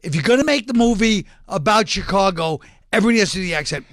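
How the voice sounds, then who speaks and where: A man's voice: high voice, expressive, quick pace, a bit bright, no room sound, clean studio sound. A man in casual podcast chat, giving blunt, opinionated takes on films. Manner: opinionated, blunt film critic talk.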